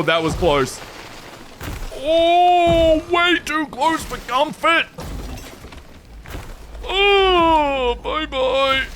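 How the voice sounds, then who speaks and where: A man's voice: very high voice, big pitch swings, extremely slow, pauses often, a bit bright, slight background noise. A man giving jumpy, exclamatory commentary while playing a horror game, talking to himself as he goes. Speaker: gamer.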